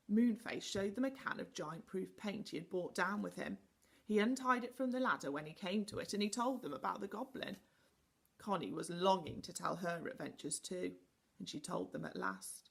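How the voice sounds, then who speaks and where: A woman teacher reading a children's storybook aloud with animated, expressive delivery. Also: on the low side, moderate pace, vocal fry, husky.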